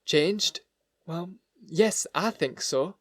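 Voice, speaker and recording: A man's voice: fairly high pitch, very slow, a bit bright, no room sound, studio quality, pitched above the performer's own voice, exaggerated voice. A man voicing a frightened, loyal older male butler whose voice is harsh and broken with dread. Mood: anguished.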